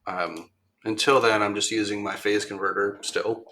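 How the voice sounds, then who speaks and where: A man talking as a podcast guest in casual storytelling style, rambling with many ums and restarts and turning animated when he quotes other people. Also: fairly low pitch, normal speed, a little hiss or hum. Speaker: podcast guest, machine shop owner.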